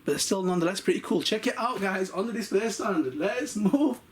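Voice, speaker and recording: Chatty man unboxing toy cars. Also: sits high. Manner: chatty and quick, often addressing viewers as guys. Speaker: RC car collector vlogger. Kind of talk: casual unboxing vlog.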